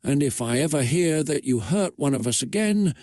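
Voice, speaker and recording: A man's voice: a little high, animated, moderate pace, a little mellow, no echo, clean studio sound, close to an everyday voice. A man reading out a desperate teenage girl who pleads and curses.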